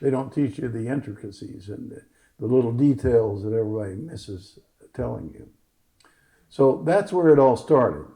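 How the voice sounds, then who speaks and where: Gravelly male doctor spinning a story. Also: medium pitch, lively intonation, moderate pace, mellow, poor audio. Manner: acts out other people's lines in his stories. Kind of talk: storytelling at a live Q&A. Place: fitness gym, indoors.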